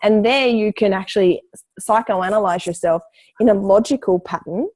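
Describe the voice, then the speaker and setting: A woman with a mellow, warm tone speaks as an interview guest. She explains her coaching advice directly and confidently, walking through each point plainly. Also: medium pitch, moderate pace, low-quality recording. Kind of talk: casual conversational interview.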